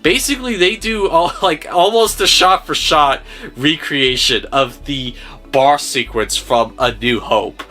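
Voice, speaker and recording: A male film reviewer talks through a movie in a loose, sarcastic vlog style, swearing freely. His voice is bright and forceful. He speaks a little higher than most men, with soft music faint behind him. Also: unhurried.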